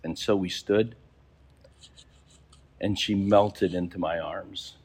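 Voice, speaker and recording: Bishop giving a sermon, husky low voice, storyteller who slows for weight. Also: male voice, steady tone, darkish tone. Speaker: bishop preaching.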